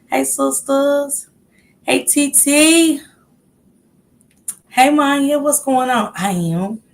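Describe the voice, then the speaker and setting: A woman's voice: high voice, drawn-out words, gravelly. A woman hosting a casual livestream, a little out of breath as she chats and greets viewers one by one with upbeat calls. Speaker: livestream host.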